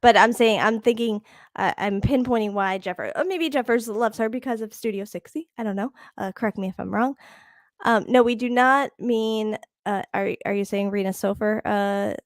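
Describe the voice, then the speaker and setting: A woman's voice: medium pitch, normal speed, no echo, clean studio sound. A woman co-hosting a podcast in casual chat, laughing often and searching for words. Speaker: podcast co-host.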